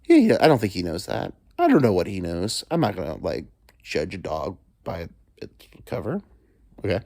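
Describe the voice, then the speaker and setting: A man's voice: low-pitched, wildly swooping pitch, normal speed, gravelly, darkish tone, dry recording, clean studio sound. A man hosting a solo podcast from home, rambling crudely with joking asides. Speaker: podcast host. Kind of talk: casual solo monologue. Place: alone at home.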